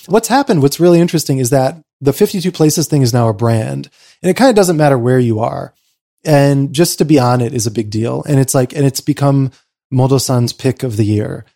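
A middle-aged man telling a lively story in a casual conversation, acting out quotes and saying "like" a lot. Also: gravelly. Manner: animated, acts out quotes in a high voice, many "like"s. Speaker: guest.

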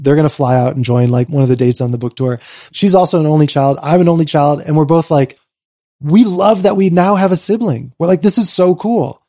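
Sharing a personal story during an interview, the man shifts from bursts of excitement to hushed reflection and back again. He fills his talk with frequent "like"s.

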